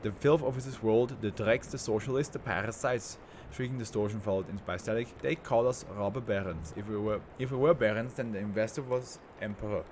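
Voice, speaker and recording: A man plays an arrogant tycoon reduced to a brain in a jar. He talks down to everyone in grand, scornful phrases, in a fairly low voice. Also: fairly quick, hardly any pauses, a little mellow, a little hiss or hum, close to an everyday voice. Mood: haughty. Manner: pompous, grandiose and contemptuous.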